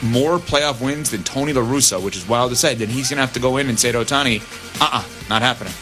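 A man co-hosting a sports talk show, making wry, animated remarks in casual banter. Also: medium pitch, soft background music. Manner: animated, wry, quick asides.

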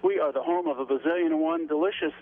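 A man's voice: a little high, fairly even intonation, quick pace. Folksy man on a tinny phone line. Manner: folksy, cheerful, says "by gosh". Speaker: deli owner, phone guest. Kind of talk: casual phone chat.

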